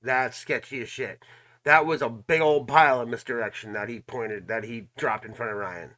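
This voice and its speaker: Man, reaction host, bright voice, emphatic, casual commentary. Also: mid-range voice, steady tone, normal speed. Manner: emphatic, asks the audience questions.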